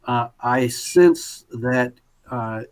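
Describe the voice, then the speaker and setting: A man's voice: medium pitch, drawn-out words, clear, resonant tone. A man who is a conductor, judging a piano audition over a video call and praising the player at length with many fillers. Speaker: conductor and judge. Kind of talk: spoken feedback on a performance.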